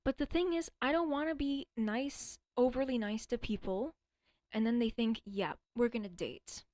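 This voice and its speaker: A woman's voice: sits high, normal speed, a little mellow, no echo, studio quality. A young woman streaming alone, chatting casually and rambling, swearing often and stuttering at times. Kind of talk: casual livestream chat.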